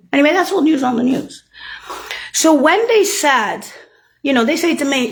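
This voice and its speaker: A woman in a profane, rambling rant, mocking and swearing heavily, jumping between loud outbursts and low muttering. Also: lively intonation, normal speed, vocal fry, pauses often.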